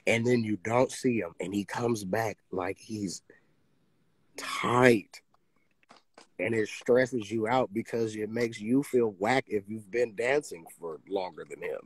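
A man talking in a casual podcast chat, excitable and swearing freely, his pitch jumping high when he gets worked up. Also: takes it slowly, slightly rough, no echo. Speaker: podcast host.

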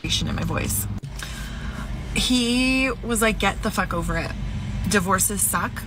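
A woman's voice: mid-range voice, lively intonation, slow. A woman casually telling a personal story, emphatic and swearing freely. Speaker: woman telling her divorce story in a clip. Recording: background noise.

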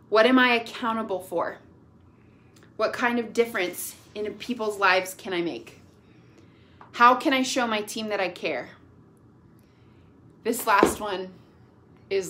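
A woman, speaking over a video call as a team leader giving a pep talk. Her delivery is gushing and upbeat, loose and chatty, full of fillers. Her voice sits at a middle pitch. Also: fairly bright tone. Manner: gushing, upbeat, lots of "like" and "y'all". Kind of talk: casual motivational talk.

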